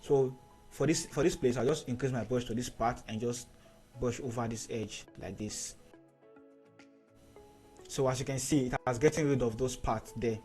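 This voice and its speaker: Man, screen-recorded software tutorial, steady instructions, repeats key points, mid-pitched voice, faint music behind. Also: normal speed, long pauses. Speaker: photo editing tutor.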